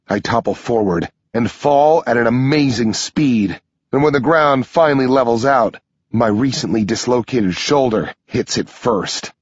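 A man reading a first-person story aloud as an audiobook narrator, with a steady storytelling delivery. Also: slightly rough, no echo, highs cut off. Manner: steady storytelling delivery, pushing up in pitch for shouted dialogue.

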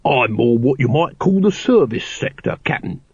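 A man voicing a shifty, fast-talking male street hawker with a wheedling salesman's patter. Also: medium pitch, sing-song, husky, dry recording, full character voice. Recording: dry, slightly dull studio recording.

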